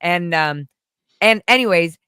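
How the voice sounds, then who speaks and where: A woman's voice: lowish voice, a little slow, smooth, no echo, clean studio sound. A woman from California telling a long story in casual chat, rambling with many fillers and acting out the other people's voices. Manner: rambling, animated, full of fillers, acts out voices.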